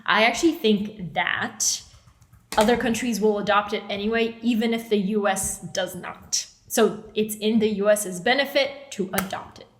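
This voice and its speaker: A woman co-hosting a casual podcast, bubbly and quick to laugh as she moves through the topics. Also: medium pitch, a little hiss or hum. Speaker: podcast co-host. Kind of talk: casual banter. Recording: roomy echo.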